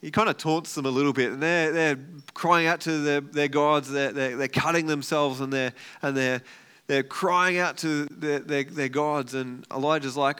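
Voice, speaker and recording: A man preaches in an easygoing, storytelling way. His voice is smooth and resonant and sits a little high for a man. He acts out what the characters say with lively energy. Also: normal speed. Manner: conversational, animated storytelling with acted-out quotes. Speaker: pastor. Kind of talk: sermon.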